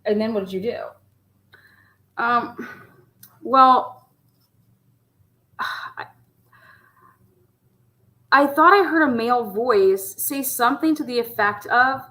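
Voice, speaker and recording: Animated woman host in an echoey room. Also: a little high, takes it slowly, pauses often. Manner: animated, acts out imagined dialogue. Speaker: call-in show host. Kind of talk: casual commentary.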